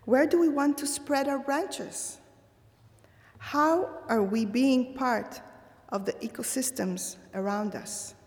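A woman giving a slow, measured and thoughtful holiday sermon. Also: high voice, a little mellow, long reverb tail. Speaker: religious speaker.

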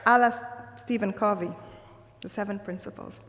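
A woman giving a slow, measured and thoughtful holiday sermon. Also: medium pitch, big-room sound. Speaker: religious speaker.

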